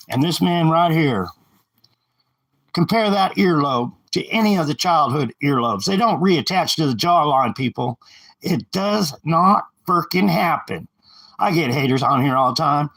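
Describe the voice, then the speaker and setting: A streamer rants furiously into a handheld phone, agitated and repeating himself. His a-little-high voice is expressive, gravelly, and fairly bright, and he talks a little slowly over a rough, dry recording.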